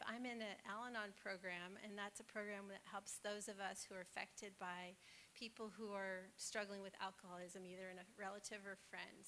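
A woman speaks at an everyday pitch in an informal devotional talk, encouraging and chatty, often pausing on fillers. A faint hiss sits behind her voice. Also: vocal fry. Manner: warm, encouraging, conversational, with many fillers.

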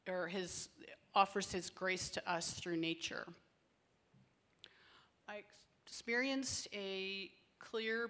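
A woman's voice: lowish voice, fairly bright tone. Earnest woman giving a heartfelt testimony. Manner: earnest, conversational, emotional storytelling. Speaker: women's ministry speaker. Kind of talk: personal testimony talk.

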